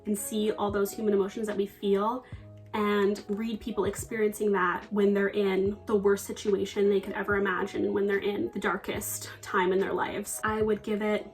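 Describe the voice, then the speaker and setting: A woman's voice: mid-range voice, level tone, moderate pace, faint music behind. A young woman chatting casually about books she has read, earnest and talkative, with small laughs and restarts. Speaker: book vlogger. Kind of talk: casual book review chat.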